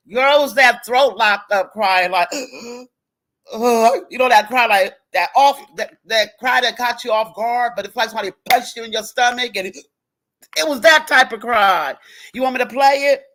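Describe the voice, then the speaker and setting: Bright-voiced woman hosting a livestream. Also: fairly high pitch, moderate pace. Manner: animated, profane, talks straight to viewers. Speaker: livestream host. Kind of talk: casual livestream commentary. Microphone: computer or phone mic on a live stream.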